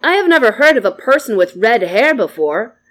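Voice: mid-range voice, big pitch swings, normal speed, a bit bright. A storyteller voicing an innocent, polite young boy asking earnest questions. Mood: curious.

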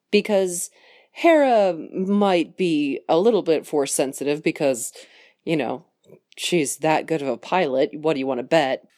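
Lady casually spinning a story out loud, slow, lots of like and um, kinda low voice. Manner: rambling, full of "like" and restarts. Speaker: fan storyteller.

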